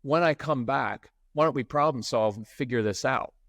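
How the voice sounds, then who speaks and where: A man's voice: mid-range voice, normal speed, vocal fry, no room sound, studio quality. A middle-aged man speaking as a podcast guest, telling stories and acting out the people in them. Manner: animated storyteller who acts out quotes. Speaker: podcast guest, parenting expert. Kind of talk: conversational interview, storytelling.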